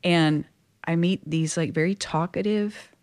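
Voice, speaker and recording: A woman from Louisiana, a Catholic religious sister, telling her personal story as an interview guest in a chatty, expressive way full of casual fillers. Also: fairly low pitch, a little slow. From Louisiana, USA.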